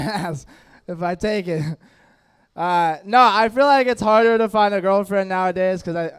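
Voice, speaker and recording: A man's voice: sits high, clean tone. Young man with a lisp doing stand-up. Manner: loose, self-mocking, laughs at his own jokes. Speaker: stand-up comedian. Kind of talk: stand-up set with crowd work. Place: comedy stage in a room with a dining audience.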